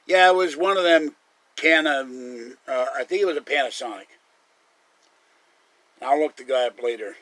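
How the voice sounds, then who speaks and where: A man's voice: mid-range voice, normal speed, pauses often, a bit bright, dry recording, low-quality recording. A man hosting a live stream, rambling through casual stories and chuckling often. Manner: chatty storyteller, chuckles often.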